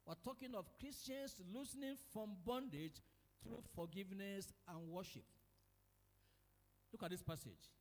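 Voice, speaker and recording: A man's voice: sits high, unhurried, big-room sound. A Nigerian man preaching a sermon in church, emphatic and acting out quarrels in quoted voices. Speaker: pastor.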